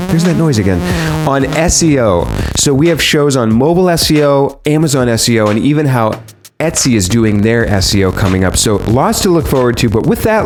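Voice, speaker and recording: A man hosting a podcast, introducing his guest and asking questions in a conversational, self-correcting way. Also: mid-range voice. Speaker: podcast host.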